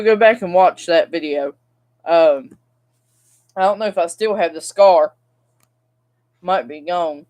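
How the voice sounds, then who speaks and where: A woman's voice: lowish voice, darkish tone. A young woman, vlogging and venting in a rambling, frustrated way straight to her viewers. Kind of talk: casual vlog rant.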